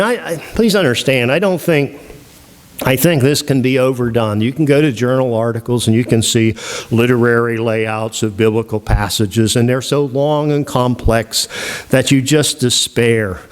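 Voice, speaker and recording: A man giving a seminary lecture on the Bible, animated and full of rhetorical questions. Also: mid-range voice, moderate pace. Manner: animated, asks rhetorical questions, acts out quoted voices.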